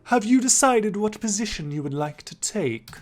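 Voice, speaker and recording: A let's player voicing a pompous, aristocratic male pigeon who is student council president, with a deliberately bad fake British accent and a clipped, affected delivery. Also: medium pitch, expressive, faint music behind, pitched above the performer's own voice, close to an everyday voice. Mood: haughty. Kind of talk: reading a visual novel aloud.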